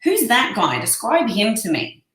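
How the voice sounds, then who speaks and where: An Australian woman talks as an interview guest, enthusiastic and emphatic. Her voice is bright and forceful. She is recorded in an echoey room. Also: on the high side, wildly swooping pitch, a little slow. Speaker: guest, life coach. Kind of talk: interview conversation.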